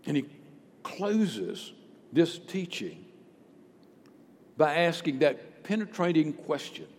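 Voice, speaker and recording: A man's voice: fairly high pitch, very animated, slow, pauses often, a little hiss or hum. A male pastor preaching a sermon with emphatic rhetorical questions. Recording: long hall reverb.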